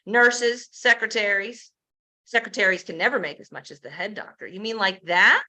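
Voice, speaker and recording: A woman giving an energetic sales presentation, telling success stories, asking the audience rhetorical questions and acting out quoted dialogue. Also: fairly high pitch, a little fast, poor audio. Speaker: presenter pitching a home business.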